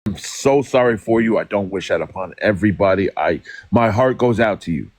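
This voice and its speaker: A man chatting on a livestream with a lively, swooping pitch that climbs high whenever he acts out a quote. His manner is blunt and profane. The sound is dry and close, with no room around it. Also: brisk, dry recording. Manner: animated, profane storytelling with acted quotes. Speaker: livestream co-host. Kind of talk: casual chat.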